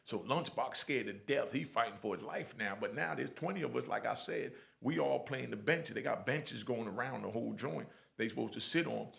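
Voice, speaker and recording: Gravelly middle-aged man telling street stories. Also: mid-range voice, normal speed, hardly any pauses. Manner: lively, blunt street talk with "you know what I mean". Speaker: storyteller sharing prison stories. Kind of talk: casual storytelling.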